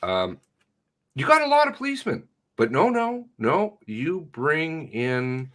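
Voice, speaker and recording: Guy ranting on a stream, sarcastic, mocking voices, high pitched and swingy. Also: wildly swooping pitch, takes it slowly, fairly bright tone. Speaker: online commentator. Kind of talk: livestream commentary.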